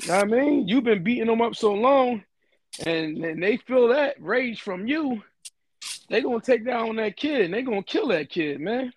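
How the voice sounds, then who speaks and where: A man's voice: very high-pitched, animated, normal speed, a little hiss or hum. A young man talking on a podcast, earnest and emphatic, often repeating himself. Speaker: podcast host. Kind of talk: casual podcast talk.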